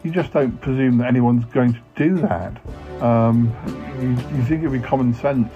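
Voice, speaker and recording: A man's voice: medium pitch, normal speed. Man, podcast host, comedy sketch, hesitant, stammering, muffled lo-fi sound. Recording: dull lo-fi sound, faint music.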